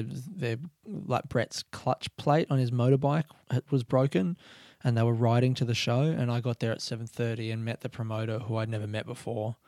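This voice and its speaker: A man talks low and quiet at home late at night, hosting a solo podcast in a loose, rambling way. His voice has a gravelly, fried edge, recorded dry and close with no room sound. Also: no echo. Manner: talking softly and quietly, rambling. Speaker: comedian podcast host. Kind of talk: casual solo podcast chat. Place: own house, late at night.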